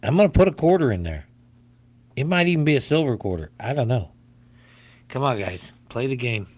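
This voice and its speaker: A man's voice: mid-range voice, sing-song, a little fast, darkish tone. A man hosting a casual livestream game, rambling and jokey and often repeating himself. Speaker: livestream host.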